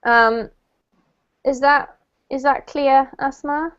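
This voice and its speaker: A woman's voice: high-pitched, fairly even intonation, slow pace, fairly bright tone, muffled recording. A woman teaching an English lesson, patiently explaining meanings and word stress to her students. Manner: patient, explains pronunciation step by step. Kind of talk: online language lesson.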